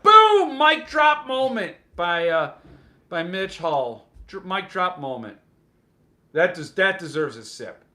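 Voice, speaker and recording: A man's voice: a little high, bright, forceful tone. A man hosting a casual live stream about book collecting, reading viewer comments and joking around in a playful way. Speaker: host of a book collecting show.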